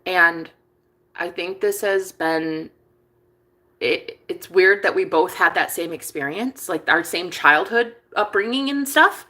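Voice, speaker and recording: A woman's voice: fairly low pitch, takes it slowly. Chatty woman, swearing freely. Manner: chatty, swearing, restarts, swings from hushed to excited. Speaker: vlogger and manifestation coach. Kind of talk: casual confessional monologue.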